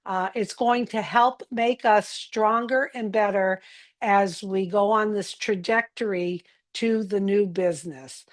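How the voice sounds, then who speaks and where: A woman's voice: mid-range voice, steady tone, slow. A woman giving encouraging instructions on a live online group call. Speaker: community group speaker.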